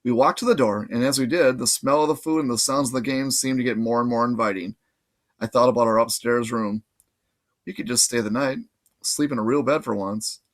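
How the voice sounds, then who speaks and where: A man reading a novel aloud in casual, lively first-person narration. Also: mid-range voice, fairly quick. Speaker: audiobook reader.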